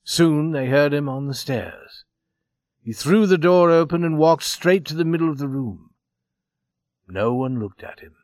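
A man reading a story aloud as narrator, steady and expressive. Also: on the high side, measured pace, no echo, clean studio sound.

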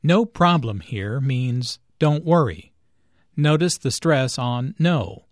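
A man narrating a scripted language lesson, explaining grammar and intonation in a deliberate way. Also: medium pitch, animated, no echo, studio quality.

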